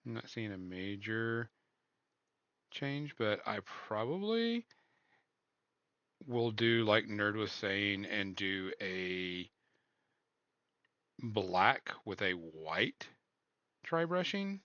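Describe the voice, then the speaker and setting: A man co-hosting a stream, talking in a relaxed, plain way. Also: on the low side, slow pace, long pauses, dry recording, highs cut off. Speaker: stream co-host. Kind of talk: casual chat.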